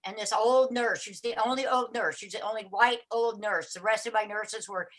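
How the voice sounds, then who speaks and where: An older woman telling her own recovery story on a live talk show, acting out what people said and sometimes crying out loudly. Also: mid-range voice, steady tone, normal speed. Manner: acts out her own cries and other people's voices, getting loud and shouty.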